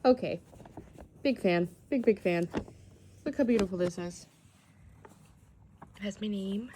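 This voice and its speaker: A woman's voice: medium pitch, measured pace, background noise. A young adult woman talking casually to camera in a vlog, chatty and gushing, filling her speech with "like" and "um". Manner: chatty and gushing, many fillers like "like" and "um". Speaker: vlogger.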